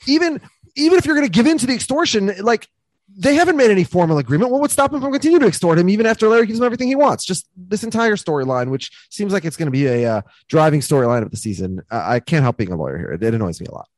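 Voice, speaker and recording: A male podcast co-host talks quickly, his voice springing up and down as he argues. He picks holes in the plot. The sound is dry and close. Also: high voice, very animated, no echo. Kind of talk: casual chat about a TV episode.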